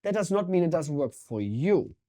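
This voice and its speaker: A man with a German accent, a guest in a podcast interview, talking in an energetic, intense and emphatic way. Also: fairly high pitch, normal speed. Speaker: guest, water sommelier.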